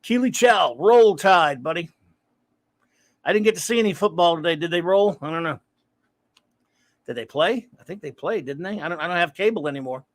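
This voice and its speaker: A man's voice: a little high, expressive, moderate pace, long pauses, no room sound. A man hosting a casual livestream, rambling and greeting viewers by name as he reads the chat. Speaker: livestream host. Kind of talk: casual live-stream chat, reading chat aloud.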